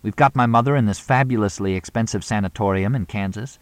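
A man voicing a glamorous female film star, brisk and put-upon. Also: lowish voice, dry recording, lightly acted. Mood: distressed.

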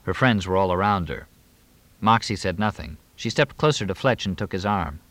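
A man narrating an audiobook in a measured, expressive storytelling manner. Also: low-pitched, no echo. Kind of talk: scripted narration.

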